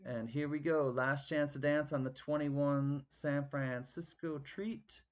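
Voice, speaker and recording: A man's voice: on the high side, steady tone, slow pace. A man running a live-stream coin auction, chatty and thanking bidders by name.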